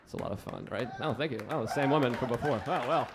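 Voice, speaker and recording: A man doing a stand-up comedy set on a club stage, with a deadpan, self-deprecating delivery. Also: mid-range voice, fast talker, background noise. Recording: live club set with faint crowd. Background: audience laughter.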